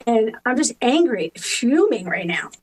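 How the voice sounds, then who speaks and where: Cranky swearing caller, fairly high voice, played by a woman, improv comedy. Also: big pitch swings, a little slow, slightly rough, exaggerated voice, low-quality recording. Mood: irritated. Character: irritated woman angry at her neighbor. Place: video call from home.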